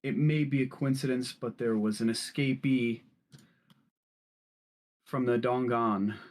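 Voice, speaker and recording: A man voicing a proud, formal male corporate official who speaks slowly and politely in a tabletop game. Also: medium pitch, fairly even intonation, a little mellow, close to an everyday voice.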